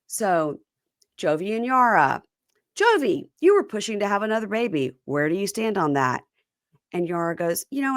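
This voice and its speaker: Lively woman retelling scenes, low voice. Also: no echo, studio quality. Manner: retells scenes quoting people in lively put-on tones. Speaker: podcast host. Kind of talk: casual recap chat.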